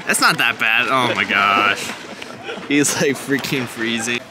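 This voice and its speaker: A man's voice: medium pitch, a little slow. A man vlogging casually, teasing his friends and mock-announcing their dives outdoors in a city. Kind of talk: casual vlog chat and joking. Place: outdoors in a city, by a pool and in town. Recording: noisy outdoor ambience.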